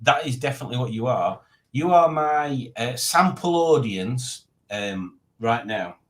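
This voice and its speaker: A man's voice: mid-range voice, animated, measured pace. A man hosting a live stream, chatting casually, rambling and joking as he reads out viewer comments. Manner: rambling, jokey, reads chat aloud.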